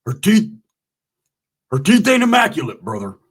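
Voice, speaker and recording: A man's voice: a little high, huge pitch swings, normal speed, breathy edge, heavily acted. A man voicing his pushy hustler buddy, who coaxes and keeps calling him brother. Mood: coaxing. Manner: coaxing, calls everyone brother.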